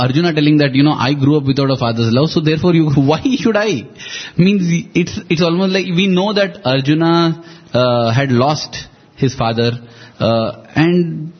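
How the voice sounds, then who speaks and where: A man's voice: on the high side, slightly rough, lo-fi sound. A man retelling an epic story in a podcast chat, animatedly acting out the characters' lines.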